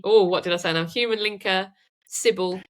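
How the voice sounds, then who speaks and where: A woman talking casually as a podcast guest, chatty and quick to correct herself as she goes. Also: medium pitch, steady tone. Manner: chatty, self-correcting, laughs easily. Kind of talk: casual interview chat.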